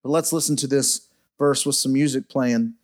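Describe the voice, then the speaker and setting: A middle-aged man preaching a sermon as pastor in a church, dropping soft and low as he speaks over piano. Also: fairly even intonation, moderate pace. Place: church sanctuary. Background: faint piano playing.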